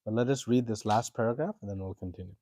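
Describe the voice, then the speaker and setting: A man teaching a scripture class. He tells a story in a relaxed way with many fillers and stops to quiz his students. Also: on the low side, quick pace, a little hiss or hum.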